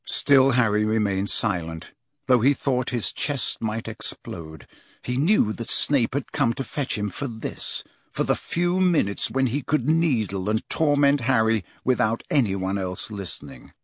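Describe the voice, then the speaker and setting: A man's voice: medium pitch, expressive, a little slow, no echo. Man reading an audiobook, dry booth sound. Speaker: audiobook narrator. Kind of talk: scripted narration.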